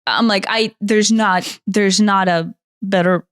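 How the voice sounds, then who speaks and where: A woman's voice: mid-range voice, steady tone, slow, a bit bright, smooth, dry recording, studio quality. A woman from Ukraine, a podcast co-host and energy healer, telling a travel story in a rambling way that often restarts. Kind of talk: casual storytelling chat.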